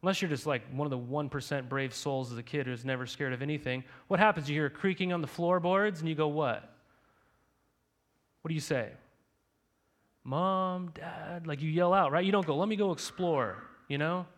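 A man's voice: fairly high pitch, fast talker, hardly any pauses, fairly bright tone. A young man preaching a sermon to his congregation in a conversational way, full of rhetorical questions and "right?". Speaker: pastor.

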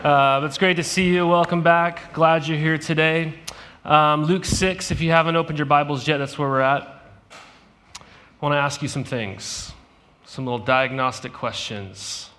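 A man's voice: fairly high pitch, steady tone, a little slow, a bit bright. Conversational man preaching a sermon. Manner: conversational, asks the congregation questions. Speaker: pastor.

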